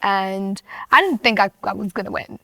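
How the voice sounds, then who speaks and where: A woman's voice: mid-range voice, moderate pace, vocal fry, a bit bright, dry recording. A young South African woman with a South African accent, telling her story animatedly as a guest on a studio podcast, often laughing. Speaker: guest, hip-hop artist. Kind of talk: conversational interview.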